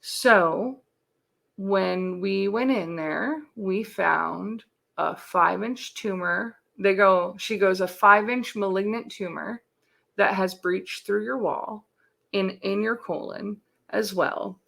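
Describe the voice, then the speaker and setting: A woman's voice: mid-range voice, takes it slowly, gravelly, fairly bright tone. A woman in her forties telling a personal story candidly on a video call, swearing freely and acting out the dialogue. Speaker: interview guest.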